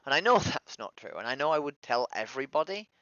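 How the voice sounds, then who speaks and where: A man's voice: medium pitch, sing-song, fast, a bit bright, no echo, muffled recording. A man streaming alone, upset and weary, venting his frustration in a despondent monologue that swears and trails off into mutters.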